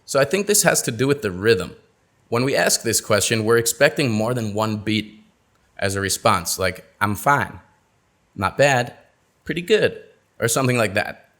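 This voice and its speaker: A man teaching pronunciation in a webinar, explaining and acting out example sentences in a lively, expressive way. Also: medium pitch, normal speed. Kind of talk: webinar lesson.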